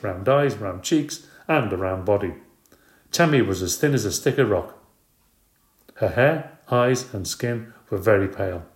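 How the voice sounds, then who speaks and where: A man reads a children's storybook aloud in the first person, with an even, measured delivery. His voice sits low, and the recording has a roomy echo. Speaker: audiobook narrator. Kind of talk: storybook narration.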